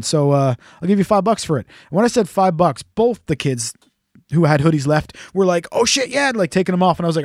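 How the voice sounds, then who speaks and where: A man's voice: on the high side, lively intonation, brisk, no room sound, clean studio sound. A man hosting a casual chat, telling a rambling, profane, jokey story. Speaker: podcast host.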